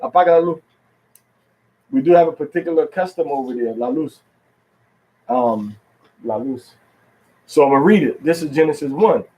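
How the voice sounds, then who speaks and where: In a muffled recording, a religious teacher with a fairly high but dark-toned voice leads a casual home lesson. He questions his listeners, keeps repeating key words, and reads scripture slowly, syllable by stressed syllable.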